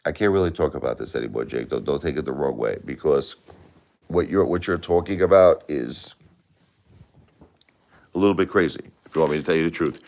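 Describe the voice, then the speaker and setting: A man's voice: rumbling low, a little fast, pauses often, a little mellow. A middle-aged man hosting a live stream, giving blunt, repetitive advice to a caller, close to tears. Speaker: livestream host.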